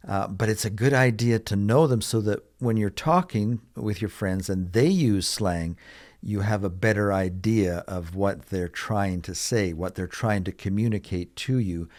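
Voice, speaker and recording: Male English teacher, lowish voice, slow and deliberate delivery that repeats example phrases for learners. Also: a little mellow. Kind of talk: online English lesson.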